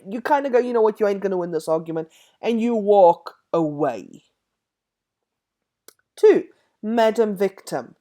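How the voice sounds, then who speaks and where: A woman's voice: medium pitch, mellow. A woman giving an emphatic, indignant opinion vlog, sarcastic at times. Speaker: vlogger.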